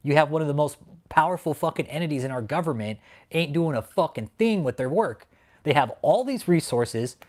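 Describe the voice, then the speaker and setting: A man hosting a livestream who rants angrily with heavy swearing, swinging between loud outbursts and low grumbling while he reads out chat names. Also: animated, quick pace. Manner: angry, profane ranting. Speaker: channel host. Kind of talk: livestream commentary, reading chat.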